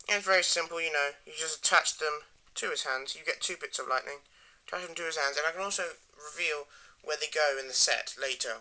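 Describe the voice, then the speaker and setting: Bright-voiced man rambling over toys. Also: a little high. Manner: rambling, enthusiastic, trails off into mumbles. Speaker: toy reviewer. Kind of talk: casual toy review.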